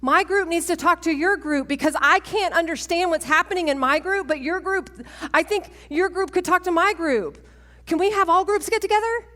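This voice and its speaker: A woman, giving a testimony talk at a women's church event, animated and self-mocking, laughing often. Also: extremely high pitch, moderate pace. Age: 40s. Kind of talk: sermon-style testimony talk. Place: large church hall. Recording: long church hall reverb.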